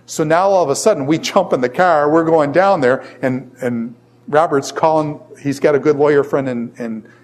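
A middle-aged college professor tells a personal story during a classroom lecture. His voice sits fairly high and moves at a normal speed, and he rambles in an animated way, using lots of fillers.

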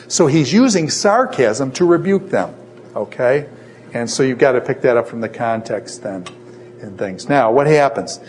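A man's voice: on the high side, a little mellow. A middle-aged man teaching a lecture on scripture, who poses questions and then answers them himself. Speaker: Bible teacher.

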